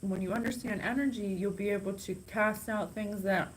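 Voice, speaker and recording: A woman hosting a psychic channel, talking casually and excitably straight to her viewers. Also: mid-range voice, moderate pace, slight background noise, low-quality recording. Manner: chatty, bubbly, gushing and excitable. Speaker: psychic podcast host. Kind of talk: casual direct-to-camera talk.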